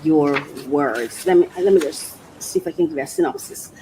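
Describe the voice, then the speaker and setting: A woman hosting a faith podcast, talking casually and emotionally, laughing often and slowing down when she reads aloud. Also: lowish voice, background noise. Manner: emotional and expressive, laughs often, restarts sentences; slows down when reading aloud. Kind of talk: casual reflective monologue.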